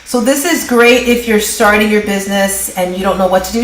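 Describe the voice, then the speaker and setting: A woman hosting a live online business workshop, brisk and upbeat, giving quick directions over a video call. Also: medium pitch, reverberant, slight background noise, poor audio. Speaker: workshop host and business coach.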